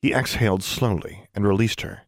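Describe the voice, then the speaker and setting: A man reads an audiobook in a steady, measured way. His voice sits low, and the recording is dry and close, with no room around it. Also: no room sound. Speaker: audiobook narrator. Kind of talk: scripted audiobook narration.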